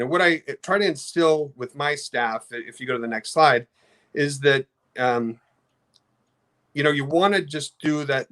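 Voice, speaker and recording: A middle-aged man talking casually on a podcast about customer service, halting often with restarts. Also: medium pitch, a bit bright. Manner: halting, many restarts, storytelling with acted quotes. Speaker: card company customer experience head. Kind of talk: casual podcast talk with slides.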